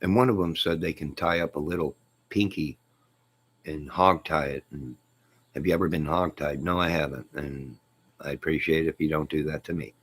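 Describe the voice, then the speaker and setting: A man's voice: rumbling low, fairly even intonation, normal speed, breathy edge. A man hosting a casual live stream, reading viewer comments and joking with them in a teasing, chuckling way.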